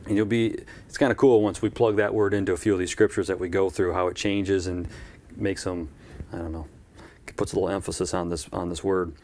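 A man's voice: low-pitched, steady tone, a little fast, darkish tone, slight background noise. A man preaching a live-streamed church sermon in a conversational way, with asides and repeated phrases.

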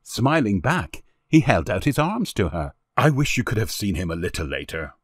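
A man reads an old-fashioned children's story in a low voice. His intonation swings widely and he tells it with a lot of expression. The sound is dry and close. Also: sing-song, normal speed, breathy edge, no echo. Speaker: narrator. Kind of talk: storybook reading.

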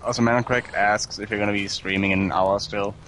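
A man's voice: lowish voice, steady tone, fast talker, a bit bright, a little hiss or hum, poor audio. A man acting as guest commentator on a game stream, dry and sarcastic, reading out viewer comments. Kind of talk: casual gaming livestream chat.

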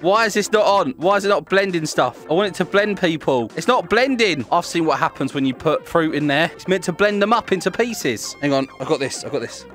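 A man's voice: sits high, lively intonation, brisk, few pauses, fairly bright tone. A young man hosting a gaming video, giggling and teasing players as he plays. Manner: giggly, teasing, laughs often. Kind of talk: playful gameplay commentary.

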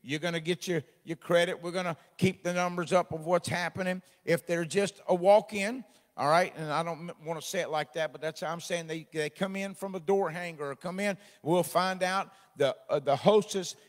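Folksy New preacher in a hall. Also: male voice, high-pitched, steady tone, normal speed. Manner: folksy, joking, rising to loud exhortation. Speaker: pastor. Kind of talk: sermon. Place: church sanctuary.

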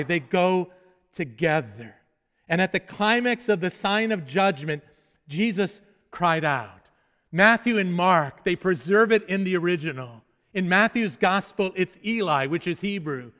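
Male pastor with a high voice, earnest sermon delivery, stammered restarts, long hall reverb. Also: fairly bright tone. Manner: earnest preaching with repeated restarts and falling, solemn phrase endings.

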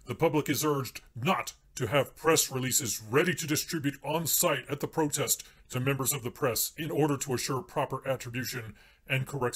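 Man voicing a pompous news anchor, deadpan, formal, medium pitch. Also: natural voice. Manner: formal, deadpan newsreader delivery.

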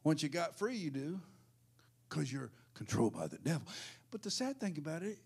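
A man preaching a fervent sermon with a high, gravelly voice. He drops to near-whispers for asides, then climbs into shouted, sing-song peaks. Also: huge pitch swings, moderate pace, long pauses. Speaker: pastor. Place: church.

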